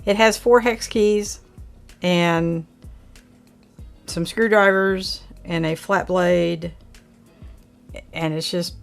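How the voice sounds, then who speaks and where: A chatty woman with an Oklahoma twang talks loosely and at length, wandering between thoughts as she answers viewers. Her voice sits a bit low for a woman. Soft music plays faintly behind her. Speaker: channel host reviewing camera gear. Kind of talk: casual live chat.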